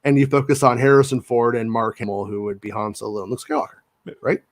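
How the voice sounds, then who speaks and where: A man of middle pitch chatting casually on a podcast. He talks in quick, animated bursts and often restarts his sentences mid-thought. His voice sits at an ordinary level and pitch for a man. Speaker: podcast co-host. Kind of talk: casual chat.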